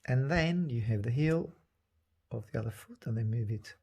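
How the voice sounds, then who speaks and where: A man giving a live painting demonstration, soft-spoken, thinking aloud, and often dropping to a whisper as he works. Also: mid-range voice, expressive, gravelly, husky. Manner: halting, thinking aloud with restarts. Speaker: painting teacher.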